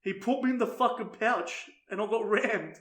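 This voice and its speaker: A young Australian man with a high-pitched voice tells a crude, laughing story full of swearing. He talks as a podcast co-host in casual chat. His voice bounces around an echoey room. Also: normal speed, a bit bright.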